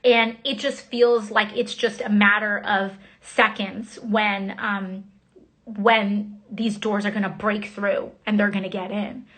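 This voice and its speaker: A woman, a member of Congress, recounting events in a casual, halting livestream talk full of fillers and restarts. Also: mid-range voice, level tone, a bit bright. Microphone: phone.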